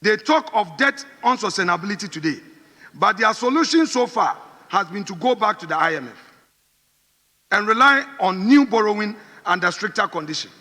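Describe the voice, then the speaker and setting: A man's voice: high-pitched, lively intonation, moderate pace, bright, forceful tone. A middle-aged man with a Ghanaian accent giving an emphatic, combative parliamentary speech, repeating phrases for stress. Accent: Ghanaian English. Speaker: member of parliament. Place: large parliament chamber. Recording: reverberant chamber.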